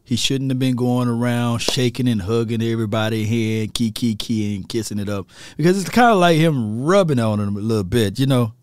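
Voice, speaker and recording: A man's voice: medium pitch, brisk, few pauses, darkish tone, smooth, no room sound, studio quality. A man ranting animatedly about football as a fan commentator, laughing at himself.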